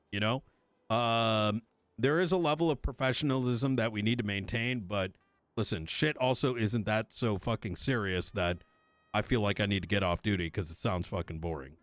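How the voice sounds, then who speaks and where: A man's voice: medium pitch, a bit bright, no room sound. A man playing a police chief in a streamed roleplay, lecturing his officers in a blunt, profane way. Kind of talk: streamed roleplay meeting speech.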